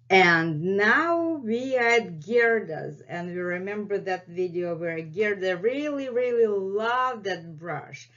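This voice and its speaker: A woman whose first language is Russian, hosting a language lesson and slowly repeating words for learners. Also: medium pitch, lively intonation, fairly bright tone. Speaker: language teacher and channel host. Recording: dull lo-fi sound.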